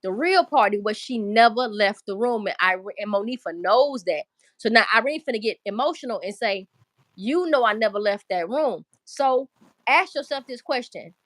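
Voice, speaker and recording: A woman's voice: fairly high pitch, normal speed, fairly bright tone, dry recording. Emphatic woman commentator, dry sound. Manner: emphatic, repeats herself, swears. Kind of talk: casual commentary.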